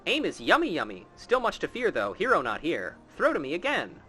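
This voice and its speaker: A man's voice: fairly high pitch, wildly swooping pitch, brisk, sharp tone, soft background music, pitched above the performer's own voice, full character voice. A man voicing a simple-minded talking snowman that speaks in broken baby-talk. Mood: gleeful.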